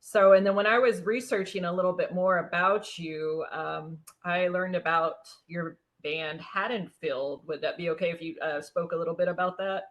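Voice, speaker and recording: A woman's voice: on the low side, fairly even intonation, normal speed, hardly any pauses, highs cut off. A woman hosting a casual interview, asking questions in a chatty way with fillers. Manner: chatty, asks with many fillers. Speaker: interviewer host.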